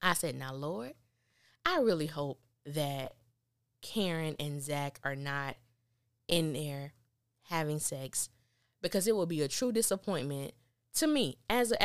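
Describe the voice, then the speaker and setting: Low-voiced woman recapping a TV episode. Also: clean tone, dry recording, studio quality. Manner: animated, exclaims and acts out characters' lines. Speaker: TV recap podcaster. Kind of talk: casual TV episode review.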